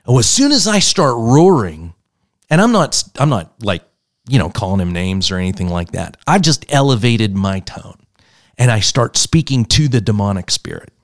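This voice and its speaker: A man, a pastor, telling stories earnestly in a church conversation and building to loud emphasis. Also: fairly low pitch, very animated, moderate pace, no room sound, clean studio sound.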